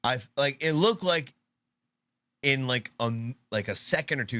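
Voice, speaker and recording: A man's voice: mid-range voice, lively intonation, normal speed, bright, forceful tone. A man hosting a live show, sarcastically commenting on news clips and acting them out in mock voices. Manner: sarcastic, mocking, puts on voices to act out clips.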